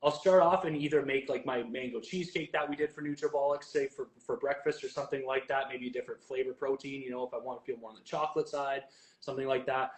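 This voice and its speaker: In an echoey kitchen, a man who is a guest chef and bodybuilding coach chats casually and walks through recipe steps as he cooks, chatty and upbeat as he narrates. His voice is medium-pitched with fairly even intonation, and he talks fast.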